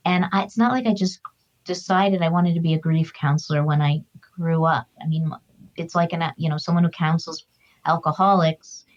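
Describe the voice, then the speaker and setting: Over a muffled recording, a middle-aged guest author and grief counselor talks at normal speed in a deep voice with fairly even intonation. In this reflective interview she tells earnest, spiritual stories from the heart.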